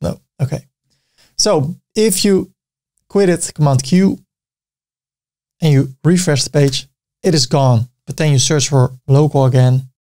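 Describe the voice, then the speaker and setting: A man with a Dutch accent, a native Dutch speaker, hosting a screen-recorded software tutorial, narrating each click step by step with casual asides. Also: a little high, unhurried, long pauses. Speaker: tutorial host.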